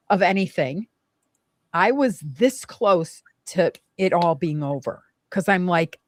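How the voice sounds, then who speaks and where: A young adult woman telling a painful personal story in conversation, emotional and animated, with many fillers. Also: lowish voice, dry recording, clean studio sound. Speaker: guest.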